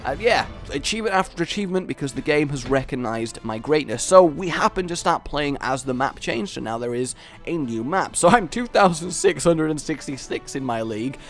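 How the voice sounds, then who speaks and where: Young male gaming host, lively pitch, excitable play-by-play with gleeful shouts. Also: fairly quick, soft background music. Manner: animated, with loud triumphant outbursts. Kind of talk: excited gameplay commentary.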